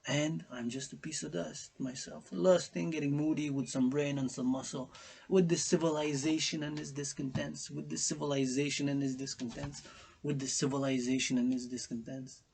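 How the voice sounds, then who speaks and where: A man giving a rambling spiritual monologue, chanting repeated phrases and swinging from whispers to loud outbursts. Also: on the high side, fairly even intonation, normal speed, vocal fry. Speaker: self-styled priestess and vlogger.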